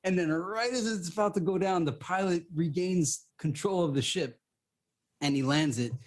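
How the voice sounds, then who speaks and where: Podcast co-host, male, slightly high pitch, lively casual storyteller. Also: normal speed. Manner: animated storytelling, restarts often. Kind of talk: casual chat.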